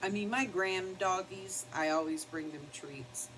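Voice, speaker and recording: A woman's voice: lowish voice, unhurried, a bit bright, a little hiss or hum, poor audio. An older woman chatting casually while doing her makeup at her home vanity, rambling and now and then scolding her dog. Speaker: beauty vlogger. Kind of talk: casual get-ready-with-me chat.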